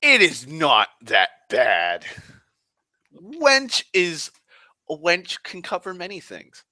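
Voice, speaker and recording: A man rambling casually on a live stream, excitable and sweary, sighing often. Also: fairly high pitch, slow pace, no echo. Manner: excitable, profane, sighs often.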